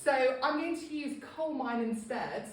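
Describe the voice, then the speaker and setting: A woman's voice: sits high, animated, measured pace, distant mic, a little hiss or hum. Chatty woman giving a talk in an echoey room. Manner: chatty, self-deprecating, lots of ums. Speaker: local history speaker. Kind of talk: casual public talk to a small group. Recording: echoey room, speaker off-mic.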